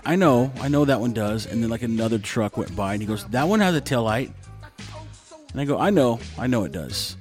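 Vlogger guy from texas, storytelling, animated, plays both sides of the talk, music low in the back. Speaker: vlogger telling stories. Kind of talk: casual storytelling.

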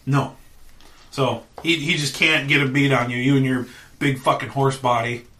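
A man's voice: level tone, moderate pace, noisy background. A man narrating as dungeon master of a tabletop game, playful and casual. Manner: playful, puts on squeaky goblin voices.

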